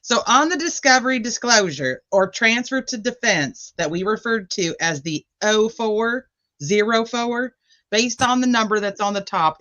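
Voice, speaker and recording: A woman's voice: fairly high pitch, a bit bright. A woman reading a female defense attorney, lo-fi. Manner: careful, deliberate legal questioning. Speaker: reader in a transcript read-through. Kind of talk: courtroom transcript reading.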